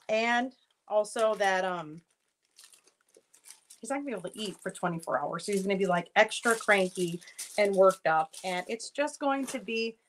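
A woman's voice: fairly bright tone, slight background noise, rough recording. Chatty woman hosting a live jewelry sale. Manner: rambling storytelling with many fillers; acts out her kids' lines in a higher voice. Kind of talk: casual chatty live selling.

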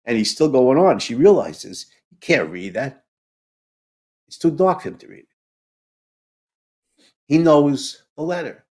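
A man in a podcast conversation, retelling a play emotionally, halting and restarting often. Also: mid-range voice, very animated, darkish tone. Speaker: podcast co-host.

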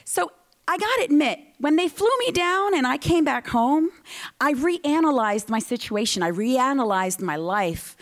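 A woman giving a motivational speech at a ceremony, telling her story in an animated way and acting out the dialogue. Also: high-pitched, a little slow. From United States. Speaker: guest speaker. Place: ceremony hall.

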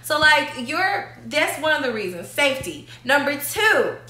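A woman's voice: sits high, sing-song, a little slow, pushed and bright, reverberant. A woman guest in a casual chat, insistent and repeating herself as she argues her point.

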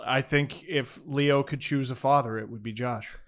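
A man's voice: medium pitch, moderate pace, very noisy. A man in his thirties hosting a podcast, joking and exaggerating in casual chat. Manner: lively, jokey, exaggerated. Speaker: podcast host.

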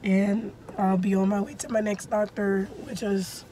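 A woman vlogging casually from her car while hoarse and losing her voice, her strained speech breaking into whispers. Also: medium pitch, little pitch movement, a little slow, dark tone. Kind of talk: casual vlog.

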